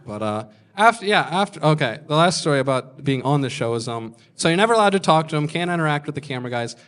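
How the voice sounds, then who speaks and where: A young man telling self-deprecating stand-up stories on a comedy club stage, acting out other people's lines in quick voices. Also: a little high, animated, fairly bright tone, clean tone. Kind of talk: stand-up storytelling.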